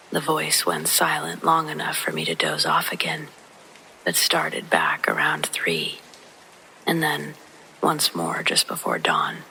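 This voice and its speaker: A narrator whispering a true horror story in a soft, hushed voice, with faint rain behind. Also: medium pitch, gravelly, slight background noise, rough recording.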